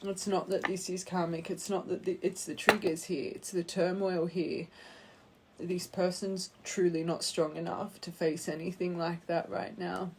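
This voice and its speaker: A woman giving a tarot card reading to her viewers, speaking gently and heartfelt and calling her listeners her angels. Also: fairly low pitch, flat delivery, measured pace, background noise. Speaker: tarot reader.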